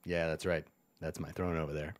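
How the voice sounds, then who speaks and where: A man voicing a vain, gangly human king of goblins in a smug, resonant baritone drawl. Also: level tone, brisk, no room sound, clean studio sound.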